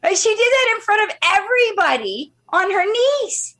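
A woman in her fifties, an interview guest telling a personal story in an animated, expressive way with shifting pace. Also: extremely high pitch, moderate pace. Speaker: guest speaker.

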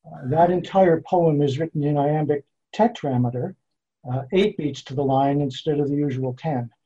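Male poet, interview guest, husky and slightly high, careful measured delivery. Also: dark tone. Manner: measured, explanatory, slows down to spell out meter. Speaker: poet and author being interviewed. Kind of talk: thoughtful interview answers. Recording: dull lo-fi sound.

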